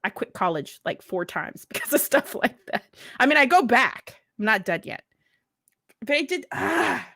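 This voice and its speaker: A woman's voice: mid-range voice, big pitch swings, normal speed, hardly any pauses, a bit bright, no echo, studio quality. A woman in her thirties, a veteran and mother, telling candid stories at a mental health event in a blunt, profane way, often laughing. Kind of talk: candid storytelling.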